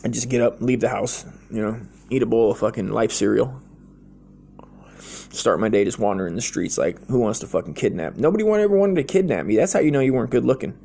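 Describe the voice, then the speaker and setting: Gravelly man rambling in a crude comic monologue. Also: medium pitch, a little fast, dark tone. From United States. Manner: rambling, slangy, keeps saying dude; crude, blunt and joking. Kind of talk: profane comedic monologue.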